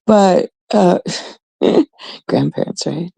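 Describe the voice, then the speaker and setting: A woman's voice: fairly low pitch, lively intonation, measured pace, vocal fry, warm tone, poor audio. A woman in her thirties, a host from Canada, telling a rambling, casual story full of swearing and quoted voices. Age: 30s.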